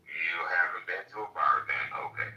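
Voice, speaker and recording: An older man with a very low voice that has a hard, bright edge speaks bluntly and offhandedly. He sounds far from the mic on a dull, lo-fi, echoey line. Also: moderate pace. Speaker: caller.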